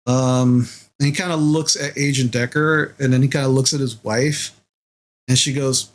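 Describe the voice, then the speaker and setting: A man's voice: mid-range voice, steady tone, moderate pace, rough recording. A man narrating as game master of a tabletop role-playing game, talking in a loose, rambling way full of fillers.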